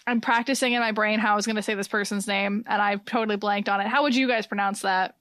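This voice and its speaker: A woman chatting casually on a podcast, playful and quick to laugh at herself. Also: mid-range voice, steady tone, a bit bright, dry recording, clean studio sound. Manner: playful, laughing, self-teasing. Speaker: guest on podcast.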